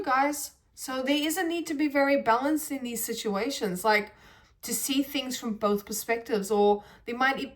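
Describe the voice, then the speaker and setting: A woman's voice: on the high side, recorded from a distance. A woman hosting a reflective podcast, talking casually and earnestly straight to her listeners. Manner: chatty, earnest, addresses listeners as guys, frequent "like" and "right". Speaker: podcast host. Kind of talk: casual reflective talk to camera.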